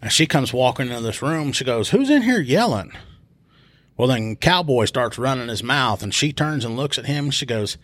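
A man, a police officer and podcast host, telling a casual story about an arrest, animated and swearing freely as he acts out voices. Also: mid-range voice, brisk, hardly any pauses, dry recording.

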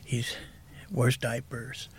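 A soft-spoken man in his fifties, telling his own story candidly as a podcast guest. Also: medium pitch, little pitch movement, slow pace, husky.

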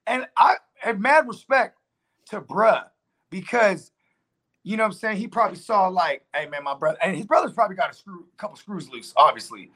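A man co-hosting a casual sports podcast, talking in a loose, slangy, animated way and swearing freely. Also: high-pitched, fairly quick.

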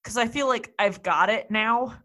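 A woman's voice: on the high side, moderate pace, pushed and bright. Wry young woman podcast co-host. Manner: wry, thoughtful, dry humor. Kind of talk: casual movie chat.

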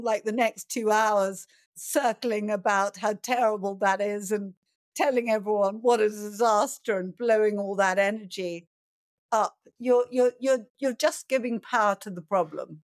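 A middle-aged woman, a film producer, answering interview questions in a calm, reflective way, sometimes acting out a panicked voice. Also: mid-range voice, a little slow, no room sound, studio quality. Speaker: film producer and director, guest.

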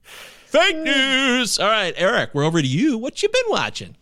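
Bright, playful man with jokey asides. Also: very high-pitched, huge pitch swings, normal speed, no echo, clean studio sound. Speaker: podcast co-host. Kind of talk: casual chat.

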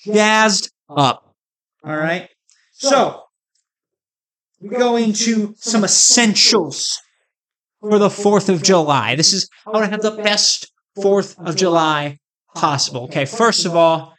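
A man's voice: sits high, takes it slowly, a crowd in the background. American guy vlogging, all jazzed up, rambling and joking, swears a bunch. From United States. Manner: hyped, rambling and jokey, with crude asides. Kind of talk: casual comedic rant to camera.

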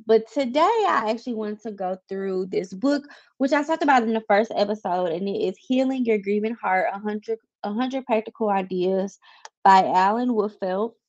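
A woman's voice: mid-range voice, a little mellow, muffled recording. A woman hosting a personal podcast, talking candidly and confidingly with listeners and reading short passages aloud from a book. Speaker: podcast host. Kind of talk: casual personal podcast talk.

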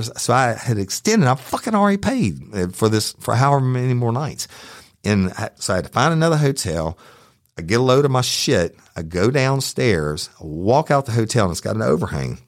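A man's voice: lowish voice, no room sound, studio quality. A middle-aged man, hosting a true crime podcast and telling a story in a heated, profane way. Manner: profane, heated, animated retelling. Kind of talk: storytelling, casual monologue.

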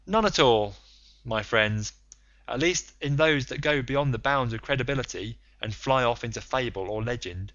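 A man narrating a novel in the first person, in a measured, explanatory manner. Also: mid-range voice, a bit bright, no echo, muffled recording. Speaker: audiobook narrator.

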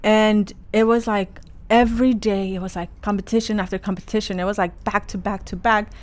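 A woman's voice: medium pitch, steady tone, brisk. A woman fashion designer telling the story of her career in a casual, chatty way, with lots of "like" fillers. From Los Angeles area.

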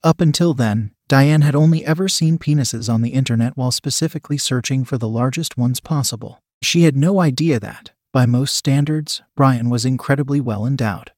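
A man reading a written story aloud in a steady narrating manner. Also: mid-range voice, moderate pace, hardly any pauses, no room sound, clean studio sound. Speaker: podcast narrator.

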